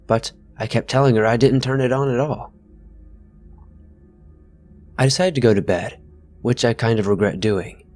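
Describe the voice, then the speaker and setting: A man reading first-person horror stories aloud as scripted narration, at a steady pace. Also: medium pitch.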